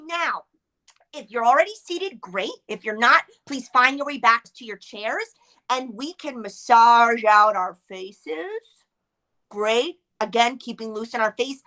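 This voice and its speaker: Upbeat woman coaching a group warmup on a video call, high bright voice. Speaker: warm-up leader. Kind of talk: guided group warm-up exercises.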